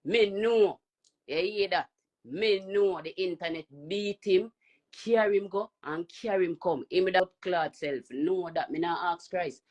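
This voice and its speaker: Jamaican man, loud taunting live-stream rant, repeats himself for effect. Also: high-pitched, unhurried.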